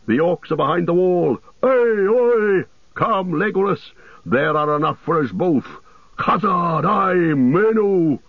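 A man voicing a fierce, battle-hungry male dwarf warrior with gruff, bellowing war cries, over a tinny radio-like sound. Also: fairly low pitch, slow, dry recording, heavily acted. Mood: fierce shouting.

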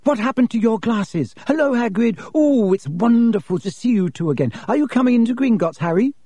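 A man's voice: extremely high pitch, lively intonation, a little fast, warm tone, breathy edge, no echo, pitched above the performer's own voice, heavily acted. A man voicing an eager, bushy-haired schoolgirl.

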